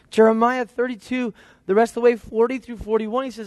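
High-voiced preacher teaching from scripture. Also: male voice, flat delivery, brisk, a little mellow, dry recording. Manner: expository Bible teaching, reads scripture aloud and asks listeners to agree. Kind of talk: sermon.

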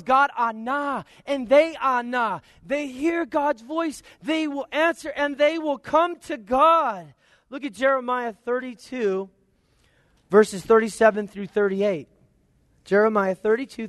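Male preacher, high-pitched, emphatic expository sermon delivery, dry close sound. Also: a bit bright, no room sound. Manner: expository Bible teaching, reads scripture aloud and asks listeners to agree.

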